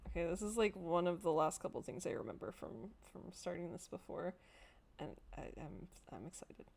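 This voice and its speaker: Young woman streamer, casual game chat, excitable and sweary, very lively pitch. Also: moderate pace, creaky, husky. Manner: excitable, swears, laughs, jokey asides.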